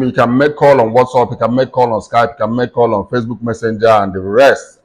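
Man, tutorial host, step-by-step software walkthrough, plain instructive talk, frequent fillers. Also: mid-range voice, poor audio. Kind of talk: screen-recorded software tutorial.

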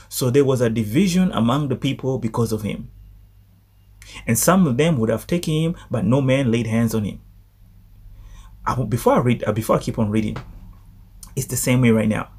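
A man giving a Bible study sermon, animated and full of restarts, acting out the voices of the people he quotes. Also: mid-range voice, normal speed, slightly rough. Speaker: preacher.

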